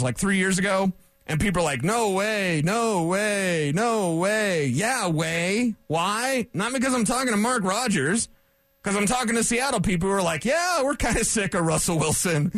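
A sports radio man holds forth in a fairly high voice, animated and sarcastic, tossing off asides as he argues. The sound is dry and close to the mic. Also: dry recording. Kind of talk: opinionated sports talk monologue.

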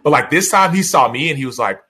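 A man with a bright, forward voice tells stories as a guest on a podcast. He is animated and acts out the lines of the people in his stories, often checking in with a quick "right?". He sounds to be in his thirties. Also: fairly high pitch, husky. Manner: animated storyteller, acts out quotes, frequent "right?". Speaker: guest author. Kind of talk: podcast interview storytelling.

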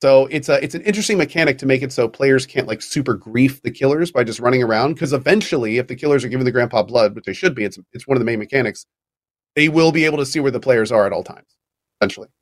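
A man's voice: mid-range voice, fast talker, no room sound, studio quality. A man co-hosting a gaming podcast, explaining a game at length in casual chat, with fillers and restarts. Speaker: podcast co-host.

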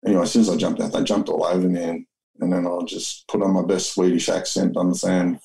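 Gravelly deep Australian man. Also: fairly even intonation, fast, warm tone, low-quality recording. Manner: rambling, blunt, swears, many restarts. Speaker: interview guest. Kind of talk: storytelling in an interview.

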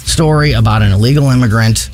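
A man's voice: mid-range voice, fast talker, darkish tone, soft background music. A man co-hosting a talk radio show, giving opinionated commentary in an indignant, mocking way.

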